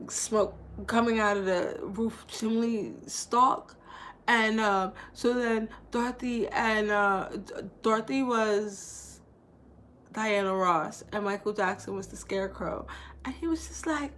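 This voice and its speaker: A woman's voice: mid-range voice, takes it slowly, a bit bright, slight background noise. A woman in her thirties chatting casually to her vlog viewers, rambling and playful, with lots of "like" and restarts. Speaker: vlogger.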